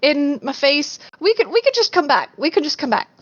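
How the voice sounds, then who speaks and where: A woman's voice: high voice, big pitch swings, a little fast, fairly bright tone, lo-fi sound, voice pushed up. A woman voicing a nervous, apologetic young rabbit-folk woman in a tabletop game. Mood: flustered.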